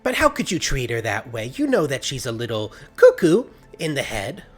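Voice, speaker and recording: A woman's voice: very deep voice, wildly swooping pitch, moderate pace, faint music behind, heavily acted. A man voicing a blunt woman tavern keeper in a tabletop game, talking in a dry, matter-of-fact way.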